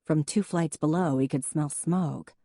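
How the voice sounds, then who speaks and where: Low, mellow woman narrator. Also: unhurried, dry recording, studio quality. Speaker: audiobook narrator. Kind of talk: scripted narration.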